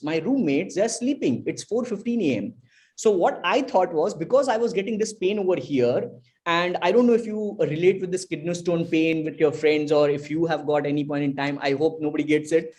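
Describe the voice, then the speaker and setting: Guy from india telling a story on a podcast call, fairly high voice, really animated. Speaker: podcast guest.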